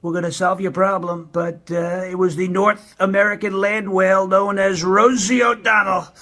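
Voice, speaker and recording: A boastful older president in a comedy radio clip, the voice pitched high for a man. He rambles through drawn-out superlatives and brags, hopping from one thought to the next without pause. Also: little pitch movement, fairly bright tone.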